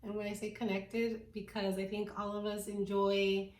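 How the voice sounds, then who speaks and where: A young woman chatting casually with friends in a relaxed, agreeable way. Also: medium pitch, normal speed. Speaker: friend in group chat. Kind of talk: casual chat among friends. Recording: roomy, distant from mic.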